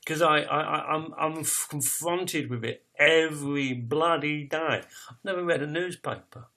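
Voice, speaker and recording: A poet in his fifties tells his life story as a raw, emotional confession, stumbling into restarts and swearing bluntly. His voice is a little high, pushed and bright.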